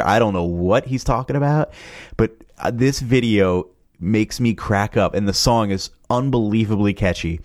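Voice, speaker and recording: A man with a lowish voice talks casually through a run of funny clips, amused and chatty and quick to laugh. The sound is close and dry, with no room around him. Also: darkish tone, dry recording. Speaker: video reaction host. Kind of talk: casual commentary.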